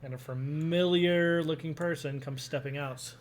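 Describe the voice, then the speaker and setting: A man's voice: fairly high pitch, steady tone, normal speed. A young man narrating a tabletop game as game master, casual and rambling with many fillers.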